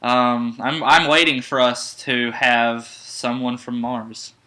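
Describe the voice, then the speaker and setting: A man's voice: mid-range voice, slow pace, rough recording. A man co-hosting an online radio show, chatting casually and joking around. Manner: joking, animated. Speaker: co-host. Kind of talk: casual podcast chat.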